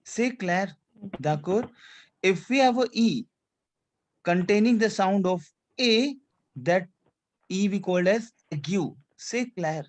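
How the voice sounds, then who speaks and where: Slow and prone to pausing, this man's high-sitting voice has lively intonation. He teaches French through repetitive drilling, asking students to repeat, while slipping check-ins such as "c'est clair" into English.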